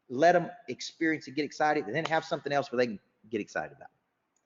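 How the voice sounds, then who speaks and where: Energetic coach pitching in a hall. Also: male voice, fast talker. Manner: energetic sales pitch, rising when excited. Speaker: business coach. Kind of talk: live seminar talk. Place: large event room. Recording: dull reverberant hall recording.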